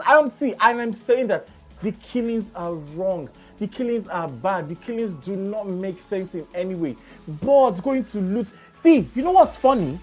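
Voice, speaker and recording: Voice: medium pitch, darkish tone. A Nigerian radio host with a Nigerian accent, delivering an emphatic opinion monologue and repeating phrases for stress.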